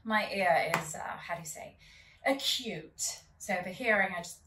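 A woman's voice: medium pitch, moderate pace, roomy sound, distant mic, noisy background, lightly acted. A woman playing a snooty daughter with a fake English accent. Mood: prickly, condescending. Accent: put-on English accent. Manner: cutting, condescending, affected. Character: haughty grown daughter faking an English accent. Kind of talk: stage drama acting.

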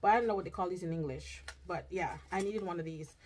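Indoors at home, a vlogger chats casually through her grocery haul, taking her time and often asking "okay?" She speaks quickly in a fairly low, darkish voice, with slight background noise.

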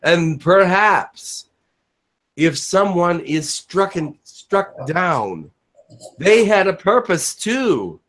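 A man speaking as the spirit Elijah in a channeled spiritual message, in a slow preaching cadence with dramatic pauses. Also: high voice, sing-song, a bit bright, voice pushed up, heavily acted. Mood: earnest. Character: Elijah, a male spirit giving a solemn message.

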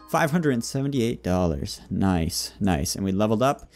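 A man's voice: medium pitch, expressive, moderate pace, hardly any pauses, darkish tone, faint music behind. A young man giving playful let's play commentary, chatting with game customers like a shopkeeper. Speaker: gaming YouTuber.

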